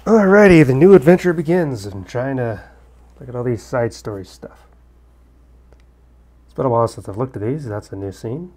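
A man with a mid-range, slightly mellow voice speaks at normal speed, leaving long pauses. He's a let's-play gamer at home in Korea, reading a visual novel aloud and adding chatty, joking asides as casual commentary.

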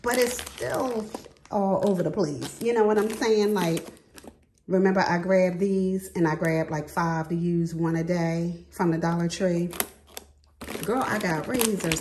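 Chatty woman vlogger with a lowish voice. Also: slow, noisy background. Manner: chatty, calls viewers "girl", laughs often. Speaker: beauty vlogger. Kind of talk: casual chat to camera. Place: bathroom at home, sitting on the tub.

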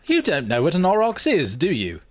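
A man's voice: high voice, very animated, normal speed, voice pushed up. A man voicing a mocking, know-it-all young man who needles his friend. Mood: needling, smug. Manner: derisive, needling.

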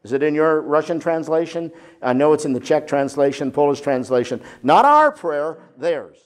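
An older male pastor delivering a sermon with a slightly higher-than-usual voice. He swings from emphatic, pointed declarations to quiet, almost whispered asides, preaching to a live congregation. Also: moderate pace. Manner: expressive preaching, drops to soft intimate tones.

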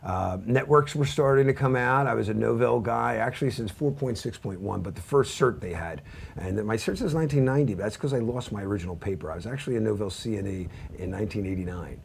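A man's voice: on the low side, expressive, fast, vocal fry, slight background noise. A man in his fifties giving an informal, rambling training lecture, full of asides and self-deprecating jokes. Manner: rambling anecdotal, self-deprecating, many fillers and restarts. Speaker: cybersecurity instructor.

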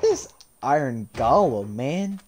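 Animated man streaming a game. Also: mid-range voice, slow pace, a little hiss or hum. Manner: animated, talks to game characters, laughs often. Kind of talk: live gameplay commentary.

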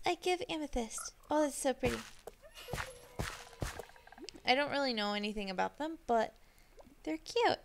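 A woman chatting casually while building in a game, gushing over the animals and cooing at them softly. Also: high voice, lively intonation, moderate pace, gravelly, long pauses, background noise. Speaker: Minecraft builder. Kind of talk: casual gameplay commentary.

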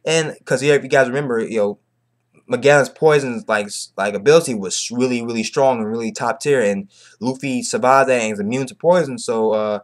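Excitable young man recapping a chapter. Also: medium pitch, a little fast. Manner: excitable, slang-heavy, repetitive. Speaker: manga reviewer.

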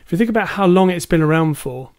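Male podcast co-host, fairly high voice, hesitant but enthusiastic, casual talk. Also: animated, quick pace, a little mellow. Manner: hesitant, many ums, enthusiastic. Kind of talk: casual film discussion.

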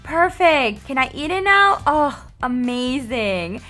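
A woman hosts a casual let's-play in a high, lively voice that swoops up and down. She sounds excitable, dramatic and giggly, with a bright, sharp tone. Faint music plays underneath. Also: unhurried, hardly any pauses. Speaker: gaming channel host.

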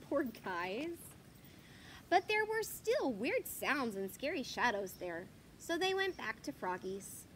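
A woman reading a children's picture book aloud, animated and asking the listener questions. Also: high-pitched, takes it slowly, a little hiss or hum. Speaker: storyteller.

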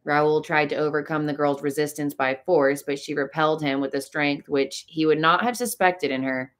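A woman reading a classic novel aloud as an audiobook, in an expressive, dramatic way. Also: sits low, moderate pace. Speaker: audiobook narrator.

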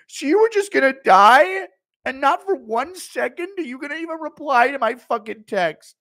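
A man's voice: expressive, normal speed, bright, forceful tone, heavily acted. A man putting on the voice of a clingy friend who shrilly whines about being left out. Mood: shrill outrage. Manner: shrill, outraged, whining.

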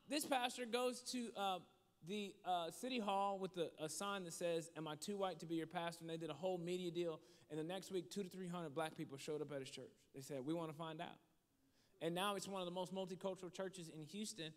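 A man telling a story as a motivational speaker, shifting from animated to hushed. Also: high-pitched, brisk. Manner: animated storytelling that drops to a hushed voice for serious moments. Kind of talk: storytelling sermon. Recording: long hall reverb.

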